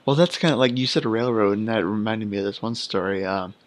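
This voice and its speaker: A man's voice: lowish voice, fairly quick. Young male podcast host, chatty and meandering, full of fillers. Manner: hesitant, rambling with many fillers. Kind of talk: casual chat.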